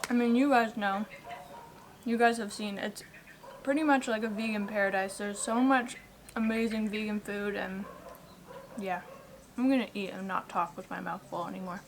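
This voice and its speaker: A woman's voice: mid-range voice, slight background noise. A young woman vlogging casually to camera about her day, chatty and upbeat, filling her talk with "like", hot and sweaty in a house. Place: house in Bali, indoors. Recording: echoey room with faint ambience.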